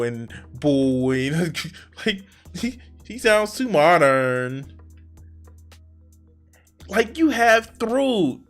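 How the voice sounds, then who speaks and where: A man's voice: medium pitch, lively intonation, drawn-out words, smooth, soft background music. A man hosting a reaction commentary, exasperated and profane, who stammers and restarts his sentences. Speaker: reaction video host.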